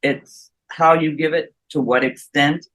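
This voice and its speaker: A woman's voice: low voice, fairly even intonation, measured pace, a bit bright, rough recording. A woman hosting an interview, chatty and given to philosophical asides and compliments. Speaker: interview host. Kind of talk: casual chat over a remote call.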